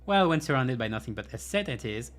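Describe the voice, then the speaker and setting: A man's voice: medium pitch, big pitch swings, fast talker, a bit bright. A man playing through a game's story, reading the dialogue aloud and breaking off for dry, sarcastic asides. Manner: dry, sarcastic asides between read lines. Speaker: game streamer.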